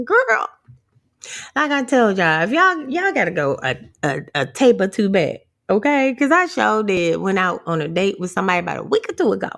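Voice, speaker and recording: Lively, sassy woman with a gravelly edge. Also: fairly high pitch, a little slow. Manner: animated, frequent laughter, profane and sassy. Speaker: vlogger. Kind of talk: candid empowerment vlog.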